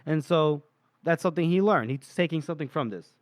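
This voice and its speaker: A man's voice: a little high, animated, a little fast, no echo, clean studio sound. A man co-hosting a podcast in casual chat, retelling book scenes at length and chuckling as he goes. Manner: retells scenes at length, reading lines aloud with little laughs. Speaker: podcast co-host. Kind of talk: casual chat recapping a novel.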